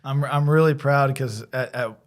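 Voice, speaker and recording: A man with an American accent, a college athletic director and former softball coach, telling stories in a casual interview and acting out the quoted lines. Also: mid-range voice, moderate pace. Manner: animated storyteller, acts out quoted dialogue.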